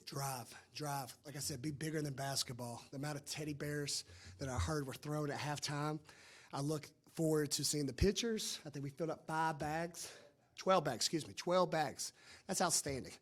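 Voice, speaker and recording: A man, a head coach, speaking at a postgame press conference with a hoarse, worn voice and an energetic, repetitive way of stressing his points. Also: on the high side, moderate pace. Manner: energetic, repeats himself when emphasizing.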